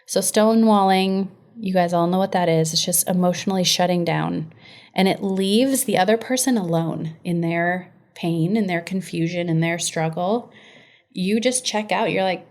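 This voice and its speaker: A woman's voice: fairly low pitch, normal speed, a little mellow. A woman hosting a teaching podcast, talking emphatically and conversationally and addressing her listeners directly. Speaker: podcast host and inner-healing practitioner.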